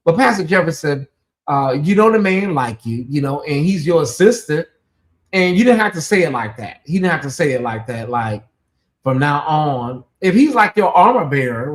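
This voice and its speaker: A channel host giving sassy live commentary on a TV show, reading viewer names aloud and breaking into loud exclamations. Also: medium pitch, sing-song, normal speed.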